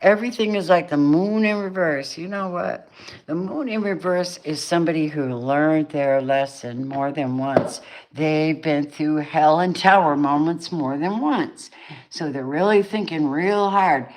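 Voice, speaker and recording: Low-voiced chatty woman reading tarot. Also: a little slow, a little mellow. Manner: chatty, laughs often, voices the people in the cards. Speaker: tarot reader. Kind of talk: casual tarot reading monologue.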